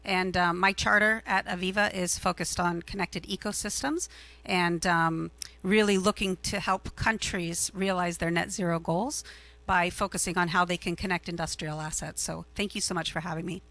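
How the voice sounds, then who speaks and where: A woman's voice: fairly low pitch, steady tone, normal speed, fairly bright tone, no room sound, low-quality recording. A woman speaking at a business forum panel, introducing herself and thanking the audience in a fluent, grateful manner.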